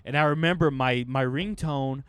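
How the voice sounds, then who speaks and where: Rambling, animated man telling a story. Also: medium pitch, moderate pace, clean tone, dry recording, studio quality. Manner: rambling, animated, acts out quotes. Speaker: guest comedian. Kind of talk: casual storytelling chat.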